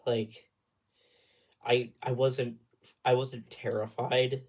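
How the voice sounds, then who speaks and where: Breathy young man telling a rambling story. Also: medium pitch, takes it slowly. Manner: rambling, animated, drops into whispers for asides. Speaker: vlogger. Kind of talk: casual storytelling vlog.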